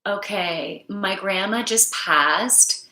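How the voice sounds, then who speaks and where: A woman giving a live oracle card reading, speaking gently and emotionally to her viewers and reading their comments aloud. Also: mid-range voice, extremely slow, roomy sound, poor audio. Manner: gentle, spiritual, emotive, reads chat aloud.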